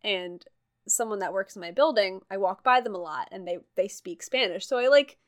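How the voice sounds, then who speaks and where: A young woman in an easygoing chat, her voice sitting at an ordinary middle pitch. She rambles with plenty of fillers and breaks into laughter readily. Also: moderate pace. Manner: chatty, many fillers, laughs easily. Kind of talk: casual chat.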